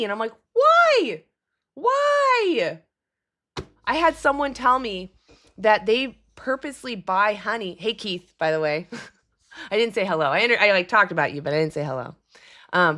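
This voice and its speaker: A young woman talking casually on her livestream, chatty and quick to laugh as she answers commenters. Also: mid-range voice, bright, forceful tone. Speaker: livestream host. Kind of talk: casual live-stream chat.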